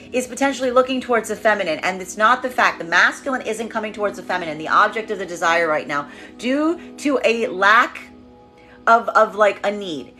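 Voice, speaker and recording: A woman's voice: medium pitch, bright, forceful tone. A woman giving a collective tarot reading, emphatic and prone to repeating phrases as she acts out what the energies are saying. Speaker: tarot reader.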